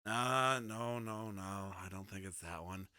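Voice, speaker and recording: A man's voice: on the low side, measured pace, sharp tone, smooth, no room sound. A man playing a tabletop game, rambling and joking, stumbling over his words. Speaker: player.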